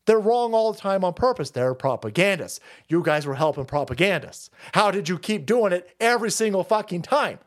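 A man's voice: high voice, big pitch swings, moderate pace, hardly any pauses. A man hosting a political commentary stream, ranting in a foul-mouthed, sarcastic, mocking way. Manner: swings into exaggerated mocking voices. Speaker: stream host.

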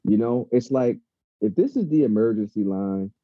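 A man's voice: fairly low pitch, expressive, normal speed, no room sound. A man talking casually and heatedly, swearing freely, as a podcast co-host. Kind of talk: casual chat. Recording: dull lo-fi sound.

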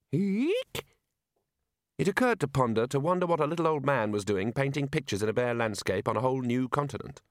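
A man narrating an audiobook in a wry, expressive storytelling manner. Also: mid-range voice, dry recording, studio quality. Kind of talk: scripted narration.

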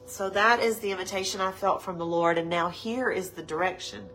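A woman preaching a livestreamed sermon to women, her nose stuffed up, slow and emphatic, repeating her points with passion. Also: on the low side, a bit bright, faint music behind, low-quality recording.

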